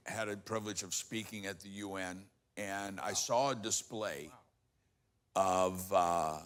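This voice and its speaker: A man with a low voice hosts the interview as a pastor. He answers the guest with short exclamations and puts his own questions in a long, rambling way. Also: fairly bright tone. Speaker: pastor and host. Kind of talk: interview hosting.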